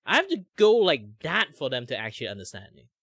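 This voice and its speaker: A young man with a Malaysian accent hosts a stream, chatting casually while he draws. His medium-pitched voice moves fast as he rambles, drops in lots of "like," and does animated impressions, all in a dry, clean studio recording.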